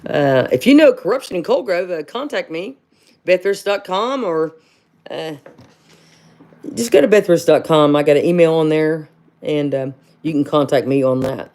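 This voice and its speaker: A woman's voice: deep voice, expressive, moderate pace, darkish tone. A middle-aged woman, hosting a casual livestream, rambling and chatty, calling viewers honey and firing off rhetorical questions. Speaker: livestream host.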